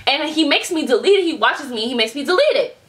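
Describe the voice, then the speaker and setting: A woman's voice: sits high, fast talker. A young woman, telling a casual storytime vlog and talking straight to her viewers. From United States. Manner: animated storyteller, addresses viewers as y'all. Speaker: vlogger.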